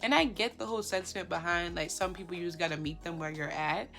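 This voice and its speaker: Low-voiced woman doing animated commentary. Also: fast talker, gravelly, faint music behind. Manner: animated, lots of rhetorical questions and fillers. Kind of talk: casual commentary.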